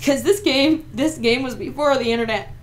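A woman co-hosting a let's play, chatting playfully and reading the game's text aloud. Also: sits high. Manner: playful, giggly, quick asides. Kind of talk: casual gameplay chat, reading game text aloud. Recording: noisy home recording.

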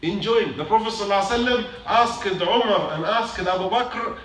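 A man's voice: sits high, brisk, fairly bright tone. A man giving a short sermon in a mosque, emphatic, repeating his points and putting questions to the congregation. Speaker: mosque speaker. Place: mosque prayer hall. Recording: echoey hall from a distance.

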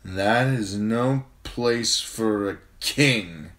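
A man voicing a drunken, arrogant young exiled king who shouts in a high, slurred, drawn-out voice. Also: animated, exaggerated voice. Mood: slurred menace. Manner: shrill, shouting, slurred and slow.

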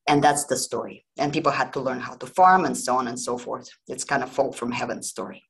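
Woman, history podcast host, casual storytelling, husky voice, gravelly edge. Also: rumbling low, steady tone, brisk, hardly any pauses, poor audio. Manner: conversational and digressive, with many fillers.

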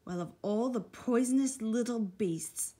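A woman voicing an earnest older schoolboy who leads his siblings, in a storybook reading with a husky voice. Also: fairly high pitch, a little slow, dark tone, pitched above the performer's own voice. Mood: reproachful.

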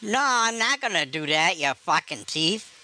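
A woman's voice: on the low side, animated, pushed and bright, a little hiss or hum, exaggerated voice. A woman doing a cranky swearing old man. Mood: furious. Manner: impatient, swearing, hurried. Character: cranky foul-mouthed older man, scam victim. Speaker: scam baiter. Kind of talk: prank phone call.

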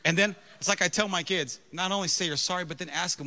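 Bright, animated male pastor telling a story. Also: sits high, fast talker. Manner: animated, humorous, self-mocking storytelling. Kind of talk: storytelling sermon.

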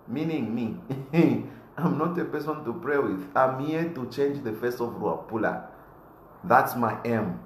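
A man who wants to be a politician reads viewer comments aloud on a live stream, laughing often and getting loud when he is fired up. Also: medium pitch, lively intonation, measured pace, reverberant, a little hiss or hum.

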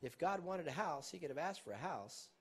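A man preaching a sermon, his slightly raised, husky voice swooping up and down as he reads scripture aloud. He stresses words with sudden loud bursts and keeps asking his listeners questions. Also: fairly high pitch, expressive, a little fast. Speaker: pastor.

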